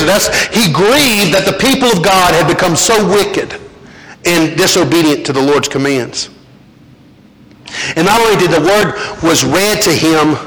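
A man's voice: high-pitched, a bit bright. A man preaching a sermon in a church as pastor, earnest, with rhetorical questions and repeated words. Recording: long reverb, faint noise.

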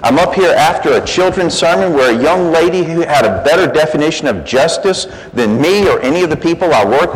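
A man, speaking as a guest at a church pulpit, telling a joke with folksy, self-deprecating humor. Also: medium pitch. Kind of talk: church talk opening with a joke. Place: church sanctuary. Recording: long church reverb, faint hiss.

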